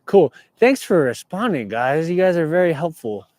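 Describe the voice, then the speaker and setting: A man's voice: fairly high pitch, big pitch swings, moderate pace, a little mellow, no room sound. Laid-back young man, dry close sound. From California. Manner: laid-back, reading viewer comments aloud. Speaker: livestream host. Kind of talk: casual livestream chat. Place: inside a parked car. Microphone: clip-on mic.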